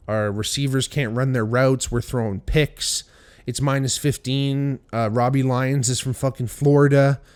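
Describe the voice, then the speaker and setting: A man's voice: medium pitch, smooth. A young man hosting a podcast, telling a story casually and animatedly, swearing often and acting out what people said. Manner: profane, animated storytelling with voiced quotes. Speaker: podcast host.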